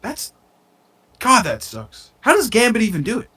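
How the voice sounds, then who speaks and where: Young male podcast co-host, slightly high, animated, rambling casual chat. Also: moderate pace, a crowd in the background. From United States. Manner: excitable, rambling, swears a lot. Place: bedroom.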